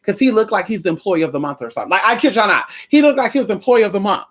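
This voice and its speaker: A woman vlogs casually to her viewers, dishing a story with sass and gossip and cursing freely. Her medium-pitched voice races along, and her delivery is dramatic and expressive.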